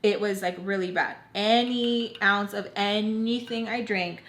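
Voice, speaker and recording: A woman's voice: medium pitch, steady tone, unhurried, fairly bright tone. A young woman telling a personal story casually as a vlogger, filling her speech with "like", talking straight to her viewers and slipping in Spanish words. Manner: chatty, heavy use of "like", addresses "you guys". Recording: echoey room.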